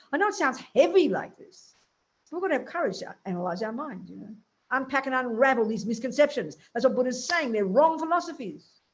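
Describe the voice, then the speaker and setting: Woman Buddhist nun teaching, fairly high voice, punchy and plain-spoken. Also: very animated, a little fast, darkish tone. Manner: blunt, emphatic, colloquial.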